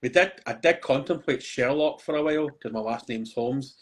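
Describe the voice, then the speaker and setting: A man chatting casually on a podcast, animated and swearing freely as he tells stories. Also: mid-range voice, moderate pace. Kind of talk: casual chat.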